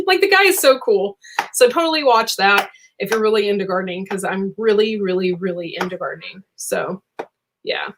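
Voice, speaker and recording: A woman's voice: medium pitch, lively intonation, fairly quick, background noise. Young adult woman, livestream host; bubbly, rambling, giggly chat. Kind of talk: casual live chat.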